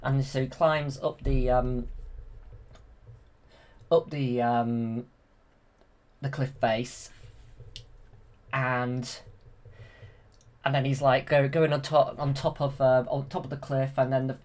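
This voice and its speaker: Excited man rambling through a film retelling. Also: mid-range voice. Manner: eager, rambling, many ums and restarts. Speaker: YouTube creator. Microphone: handheld camera.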